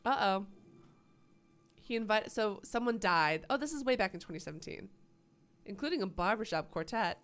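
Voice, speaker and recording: A woman's voice: medium pitch, lively intonation, normal speed, pauses often, a bit bright. A woman live-streaming a game, with playful, sarcastic commentary and plenty of swearing. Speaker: gaming streamer.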